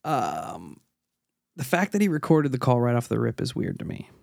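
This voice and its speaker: A man's voice: medium pitch, big pitch swings, moderate pace, gravelly, a little mellow, no echo, clean studio sound. A man co-hosting a podcast, talking through a recording in a casual, analytical way, with restarts. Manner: analytical, pointing out details, with restarts. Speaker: podcast co-host. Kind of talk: casual chat.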